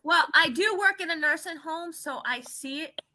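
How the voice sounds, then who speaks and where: A woman's voice: very high-pitched, normal speed, crowd noise. A woman who works in a nursing home talks about being stressed out. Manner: stressed, weary. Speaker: nursing home worker, caller. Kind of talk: casual chat.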